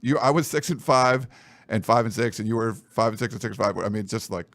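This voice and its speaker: A man's voice: on the low side, quick pace, fairly bright tone, no room sound. A man co-hosting a sports podcast, joking and rambling through plugs and sponsor reads while teasing his co-host. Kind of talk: casual chat with sponsor reads.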